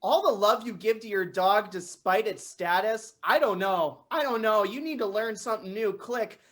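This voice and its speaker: A young woman improv performer playing an excitable dog owner at a park, animated and prone to shouting. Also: mid-range voice, normal speed, natural voice.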